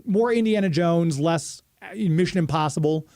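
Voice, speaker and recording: A man's voice: a little high, moderate pace, a little mellow, no room sound, studio quality. A man hosting a radio show, chatting casually and reading a sponsor spot with plenty of fillers.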